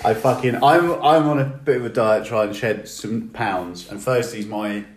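A man's voice: on the low side, normal speed, a little hiss or hum. A man co-hosting a podcast, swearing and laughing as he tells stories in casual banter. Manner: sweary, laughing, animated storytelling. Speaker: podcast co-host. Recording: echoey room.

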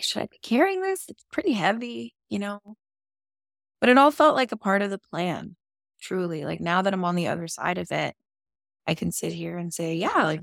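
A woman's voice: on the low side, gravelly, dry recording, studio quality. A woman guest on a podcast, candidly telling a personal story in an open, emotional and casual way, with some swearing.

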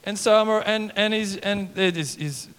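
Male pastor, conversational sermon, higher-pitched, long hall reverb. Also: moderate pace, clean tone. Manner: animated, conversational preaching with mimicked voices and "come on" refrains.

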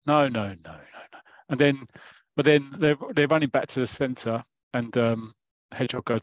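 A man's voice: medium pitch, moderate pace, no room sound. A man in casual chat, retelling a comic story and acting out its lines. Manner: animated storyteller, acts out the lines. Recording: dull, dry lo-fi audio.

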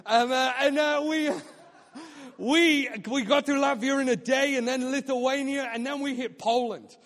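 A guest speaker with a high, bright voice delivers a story-driven sermon at an unhurried pace, joking and acting out his own quotes with animated energy. The recording was made live in a church auditorium, where a long reverb tail trails his voice.

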